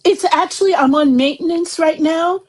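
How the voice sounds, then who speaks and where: A woman's voice: very high-pitched, normal speed, a little mellow. A woman hosting a casual livestream chat, rambling and chatty, laughing often. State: eyes watering from chemo. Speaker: livestream host.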